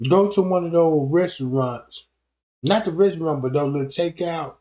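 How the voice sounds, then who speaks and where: A man's voice: fairly high pitch, moderate pace, dark tone. A man streamer telling profane, rambling comedic stories in a livestream rant. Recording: dull lo-fi stream audio.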